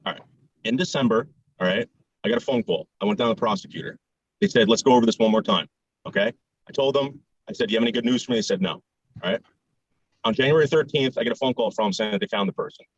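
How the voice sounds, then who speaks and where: Defensive guy on a call, talks fast and repeats himself, kinda muffled lo-fi sound. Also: lowish voice, husky, dry recording. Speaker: stream guest. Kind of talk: heated group call argument. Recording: dull lo-fi call audio.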